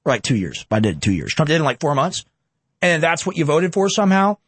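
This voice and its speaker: A man's voice: fairly high pitch, very animated, quick pace, husky, no echo. A young man in his twenties giving heated, sarcastic political commentary. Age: 20s.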